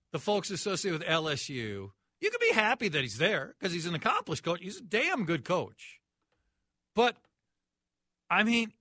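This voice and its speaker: Mocking, high-voiced sports radio host. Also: male voice, sharp tone, no room sound, studio quality. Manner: mocking, incredulous rants. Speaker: radio talk show host. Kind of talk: sports talk radio commentary.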